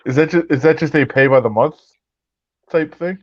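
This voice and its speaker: A man's voice: fairly high pitch, normal speed, no room sound. Laid-back male co-host, wry, dry and muffled lo-fi sound. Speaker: podcast co-host. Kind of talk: casual chat.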